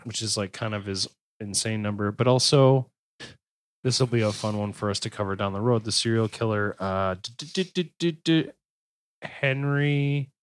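A man's voice: on the low side, moderate pace, dry recording. A man in his thirties or forties hosting a casual true-crime podcast, reading case notes and riffing with crude jokes. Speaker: podcast host.

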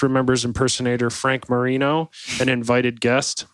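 A man's voice: mid-range voice, normal speed, fairly bright tone, no room sound. A man co-hosting a casual podcast, reading an article aloud and breaking off to joke and riff with friends. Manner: playful, jokey, breaks off to riff.

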